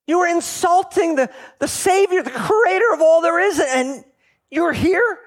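A man's voice: very high-pitched, animated, a little slow, voice pushed up. A man voicing a startled male angel at heaven's gate, speaking with incredulous, rising disbelief.

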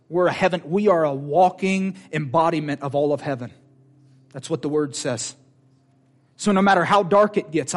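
Fervent preacher man, fairly high voice. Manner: fervent, emphatic, repetitive exhortation. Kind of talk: sermon.

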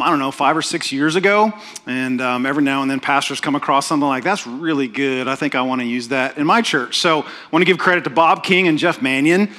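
A man's voice: on the high side, bright, forceful tone. A middle-aged man, preaching a sermon as pastor in a conversational, self-deprecating way, often checking in with "right?". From Oklahoma, USA.

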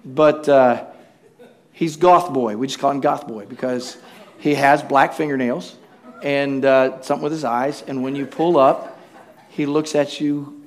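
A man's voice: mid-range voice, unhurried. A man preaching a sermon, telling humorous everyday stories, acting out quoted voices, and calling for responses from the congregation. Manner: animated storytelling, acts out quoted voices with humor.

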